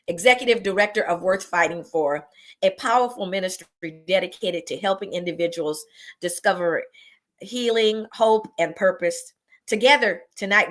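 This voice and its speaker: Effusive woman hosting a live podcast. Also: medium pitch. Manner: warm, effusive, urging listeners to join. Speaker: podcast host.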